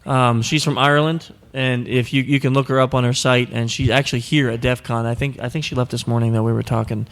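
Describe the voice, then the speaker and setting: A man's voice: medium pitch, flat delivery, fairly quick, few pauses. A man hosting a live podcast panel, answering audience questions in a joking, teasing way and acting out quoted voices. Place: live event before an audience.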